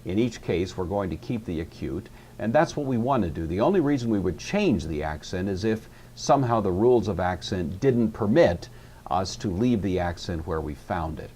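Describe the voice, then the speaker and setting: Deep-voiced man giving a patient lecture. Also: lively intonation, normal speed, a little mellow, a little hiss or hum. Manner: patient, explanatory, with frequent "you see" and "uh". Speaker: Greek teacher. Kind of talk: recorded classroom lecture.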